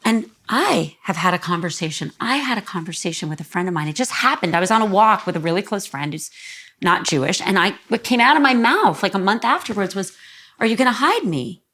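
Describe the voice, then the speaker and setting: A woman's voice: mid-range voice, lively intonation, brisk, pushed and bright. A woman in her fifties, a guest in an emotional living-room interview, speaking earnestly and close to tears. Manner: earnest, voice rises when emotional. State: near tears.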